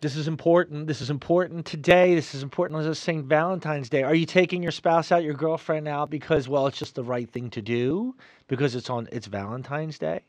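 A middle-aged man giving an earnest, sermon-like reflection in a studio, swinging between loud emphasis and soft asides. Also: fairly high pitch, brisk, no echo. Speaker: Catholic radio host.

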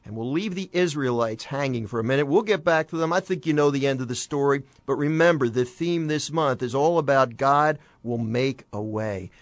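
A man's voice: medium pitch, normal speed, hardly any pauses, no echo. A man hosting a music program who teaches from the Bible in a plain, conversational way, asking rhetorical questions and adding folksy asides. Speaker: host and preacher.

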